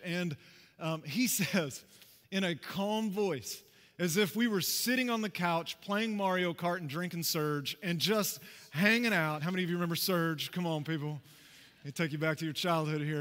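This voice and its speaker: The sermon comes from a pastor with a high voice, trailed by a long reverb in the church sanctuary. Animated and conversational, he recounts a personal story and makes asides to the congregation.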